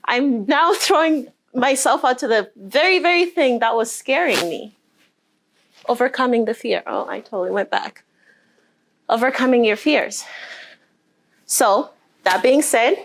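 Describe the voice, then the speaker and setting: A woman speaking as a motivational speaker, telling a personal story with emotion and then guiding a group through deep breaths and affirmations. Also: animated, unhurried, long pauses, slight background noise. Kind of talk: motivational talk to a live group.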